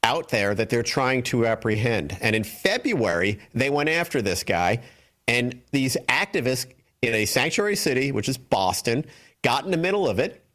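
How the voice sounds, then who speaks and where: A man's voice: medium pitch, big pitch swings, moderate pace, fairly bright tone. Hesitant male political commentator. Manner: hesitant, many fillers, earnest. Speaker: co-host, news commentator. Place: TV studio.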